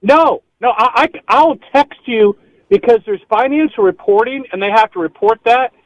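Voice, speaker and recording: A man's voice: very high-pitched, normal speed, no room sound, low-quality recording. A man running for office as a guest on a radio show, talking eagerly and at length, often repeating his words. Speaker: political candidate guest. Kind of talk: radio interview call-in.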